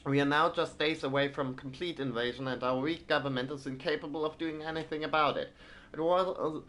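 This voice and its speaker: A man's voice: on the high side, steady tone, a little fast, fairly bright tone. A man streaming a video game, reading in-game newspapers aloud and breaking off into hesitant, filler-laden asides. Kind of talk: let's play, reading game text aloud.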